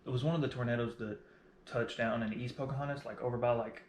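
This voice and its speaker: A man's voice: mid-range voice, fairly even intonation, fast, echoey room, a little hiss or hum. A young man, co-hosting a podcast and telling stories in casual, profane chat. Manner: storytelling, swears casually. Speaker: podcast co-host.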